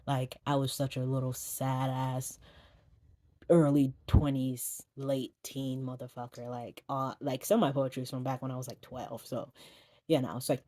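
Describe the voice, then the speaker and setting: A woman's voice: rumbling low, warm tone, no echo. A young adult woman, an indie author, rambling casually and self-deprecatingly in a vlog outro, swearing freely.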